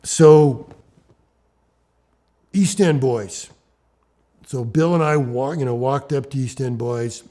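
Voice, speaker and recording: A middle-aged man from Ontario, Canada, telling climbing stories in an animated, restart-heavy way as an interviewee. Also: mid-range voice, takes it slowly, long pauses. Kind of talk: animated storytelling.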